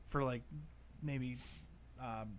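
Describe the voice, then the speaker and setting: A man of average pitch co-hosts a movie review podcast. He talks in a loose, rambling way, leaning on "like" and swearing casually as he recaps scenes. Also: fairly even intonation, extremely slow, slight background noise. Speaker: podcast co-host.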